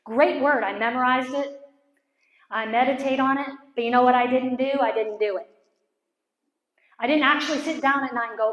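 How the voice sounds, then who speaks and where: A middle-aged woman preaching a sermon to a live audience in a large room. She talks with passion, climbs to near-shouting peaks, drops to a soft prayer voice, and acts out quotes and jokes with the crowd. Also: high voice, steady tone, moderate pace, long pauses. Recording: echoey room.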